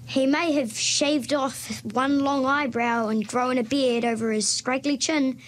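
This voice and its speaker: A woman reading aloud from a children's novel as a guest reader, in a relaxed way with small restarts and self-corrections. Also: high-pitched, measured pace, slight background noise.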